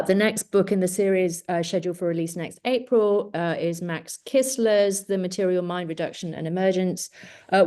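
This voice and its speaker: A woman's voice: mid-range voice, a little mellow. A woman hosting an online academic workshop over a video call, chatty with lots of fillers and a dry sense of humor. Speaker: workshop host. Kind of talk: casual online talk.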